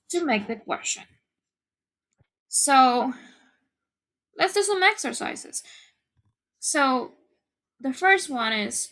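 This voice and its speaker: Woman teacher, high voice, unhurried, patient, repeats key points, English grammar lesson. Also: fairly bright tone. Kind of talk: slow, careful lesson explanation.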